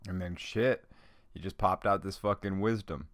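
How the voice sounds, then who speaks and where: Very low-voiced, profane podcast host. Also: male voice, moderate pace, no echo, clean studio sound. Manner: profane, rambling, hyped. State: high. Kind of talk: casual solo podcast monologue.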